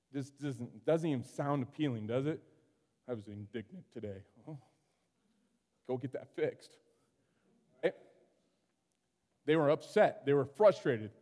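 Male pastor, high voice, animated sermon in a reverberant church. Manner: animated, swings from loud exclamations to hushed asides. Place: church sanctuary. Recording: long hall reverb.

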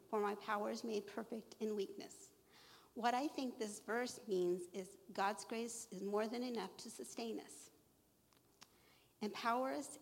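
Woman with a gravelly voice in a hall. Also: fairly high pitch. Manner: earnest, emotional, quotes scripture. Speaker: speaker sharing a faith testimony. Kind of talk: testimony talk to a live audience. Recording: long echo of a large hall.

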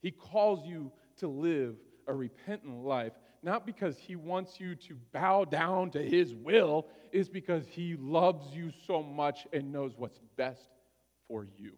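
High-voiced guy preaching, casual storytelling, keeps checking in with the room, echoey church hall. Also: slow pace, darkish tone. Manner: conversational, often checks in with listeners. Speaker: pastor. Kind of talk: storytelling sermon.

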